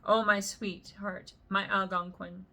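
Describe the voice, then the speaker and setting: A woman's voice: mid-range voice, flat delivery, slow pace, gravelly, pushed and bright, heavily acted. A woman voicing a lovesick young maiden who laments her sweetheart in a tender, pensive, sad way. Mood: longing.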